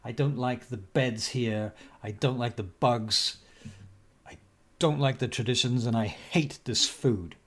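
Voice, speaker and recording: A man's voice: mid-range voice, a little slow, natural voice. A man voicing a drunk, boisterous male traveller who whines and complains. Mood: drunken grumbling. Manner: whiny complaining.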